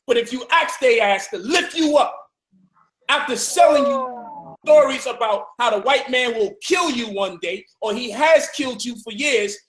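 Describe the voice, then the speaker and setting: A man arguing forcefully in a heated discussion, preaching and swearing freely. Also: very high-pitched, very animated, moderate pace, echoey room. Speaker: speaker in a debate.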